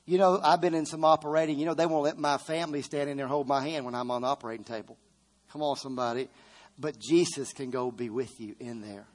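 A man's voice: medium pitch, fairly even intonation, quick pace. A middle-aged man preaching a fervent sermon. He calls out to the congregation and repeats phrases for emphasis. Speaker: pastor.

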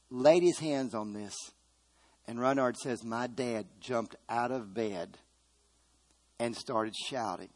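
A man preaching a sermon, earnestly retelling a story with quoted dialogue. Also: mid-range voice.

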